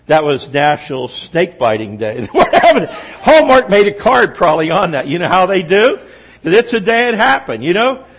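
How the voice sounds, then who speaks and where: A middle-aged pastor with a slightly high, husky voice preaches to a room, telling animated stories and quizzing the audience. The recording is dull and lo-fi.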